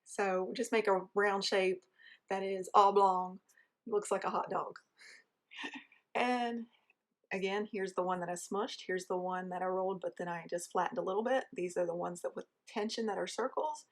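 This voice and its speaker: A woman's voice: mid-range voice, fairly even intonation, normal speed. Southern woman chatting thru a bread demo, easygoing, pokes fun at herself. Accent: rural American Southern. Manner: chatty, self-deprecating, talks while kneading dough. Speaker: home baker teaching. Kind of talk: casual how-to demonstration.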